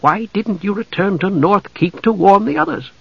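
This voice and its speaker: A man's voice: high-pitched, big pitch swings, moderate pace, vocal fry, breathy edge, dry recording, pitched above the performer's own voice, exaggerated voice. Brief: a male reader doing a blunt bearded old warrior, raised and exasperated, dry dull audio. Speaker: audiobook narrator.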